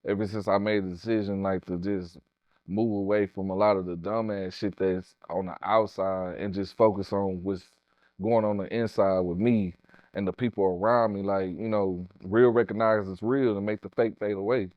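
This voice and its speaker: A middle-aged man from Houston, telling animated, profane stories as an interview guest. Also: lowish voice, normal speed, dry recording, muffled recording. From Houston, Texas. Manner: profane, animated, street slang. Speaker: guest, tattoo artist. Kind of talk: casual storytelling interview.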